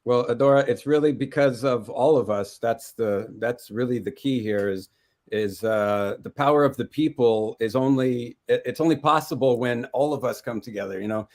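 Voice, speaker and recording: A man co-hosting an online summit on a video call, earnest and halting, with frequent restarts. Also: mid-range voice, darkish tone. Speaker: co-host. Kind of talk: casual livestream talk.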